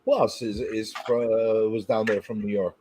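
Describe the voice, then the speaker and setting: A man, a guest comedian, chatting on a podcast in an animated, profane, joking way. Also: lowish voice, normal speed, background noise. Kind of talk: casual podcast chat.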